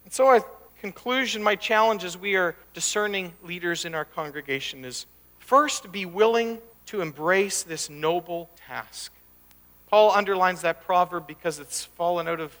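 A man's voice: high-pitched, pushed and bright. A male pastor preaching a sermon in a conversational, anecdotal way with folksy asides, speaking in a church sanctuary. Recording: long church hall reverb.

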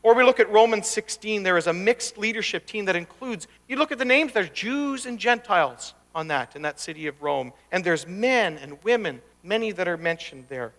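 A man's voice: high-pitched, animated, moderate pace, hardly any pauses, a bit bright. A male pastor preaching a sermon in a conversational, anecdotal way with folksy asides, speaking in a church sanctuary. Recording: long church hall reverb.

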